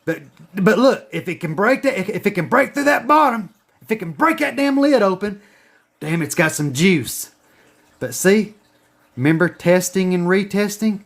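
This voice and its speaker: High-voiced, profane trading teacher. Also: male voice, lively intonation, moderate pace. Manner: profane, emphatic, repetitive. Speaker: trading educator. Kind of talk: casual screen-share lesson.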